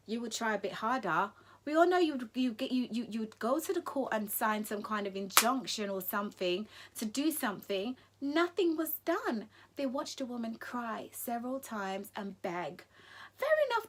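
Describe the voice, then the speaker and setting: A woman vlogging her opinions, emphatic and indignant, often restarting her sentences when she gets heated. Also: a little high. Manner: emphatic, indignant, repeats for stress. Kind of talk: impassioned opinion vlog.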